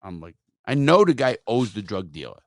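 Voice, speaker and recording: A man hosting a podcast, telling a story in a blunt, profane, animated way. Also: lowish voice, normal speed, no echo, studio quality. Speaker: podcast host.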